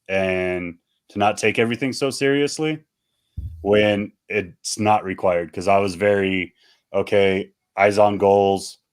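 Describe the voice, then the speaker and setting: A man hosting a podcast in casual chat, blunt and teasing, swearing often. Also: low-pitched. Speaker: podcast host.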